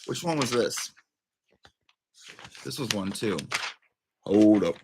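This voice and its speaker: A man's voice: fairly low pitch, lively intonation, slow, darkish tone, slight background noise. Chatty profane man. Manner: chatty, profane, talks to his dog mid-stream. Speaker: livestream host. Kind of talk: casual livestream chat.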